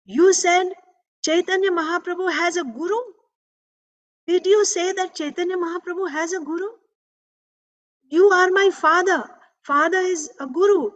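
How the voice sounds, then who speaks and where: A woman voicing an indignant five-year-old boy who scolds his father with shrill, accusing questions. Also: racing, hardly any pauses, fairly bright tone. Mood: angry, indignant.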